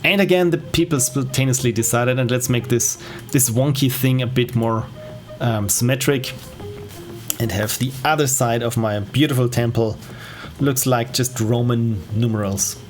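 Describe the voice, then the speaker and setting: A man's voice: mid-range voice, moderate pace. Casual male game streamer with a mid-range voice, rambling and self-deprecating, faint music underneath. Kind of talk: casual gameplay commentary.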